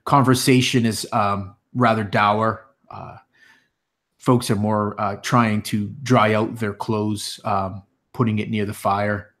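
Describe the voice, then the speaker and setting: A low-voiced man runs a tabletop game as game master. He narrates haltingly, with frequent pauses and fillers as he finds his words. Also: flat delivery, a bit bright.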